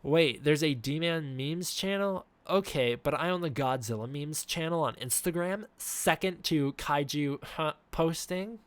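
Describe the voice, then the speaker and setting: A man's voice: fairly high pitch, a little slow, hardly any pauses, clear, resonant tone, dry recording. A young man chatting casually on a live stream from home, reading viewer questions with a desk mic. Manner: casual, reads chat questions, frequent fillers. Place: indoors at home. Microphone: desk mic with face cam.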